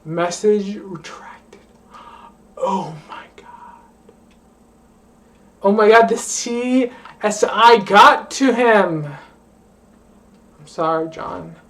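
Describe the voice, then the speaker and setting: A woman's voice: mid-range voice, very slow, pauses often, a bit bright. A drunk young woman rambling and swearing in a vlog, slurring and repeating the same phrase over and over. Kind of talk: rambling late-night vlog rant. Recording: voice distant from the mic.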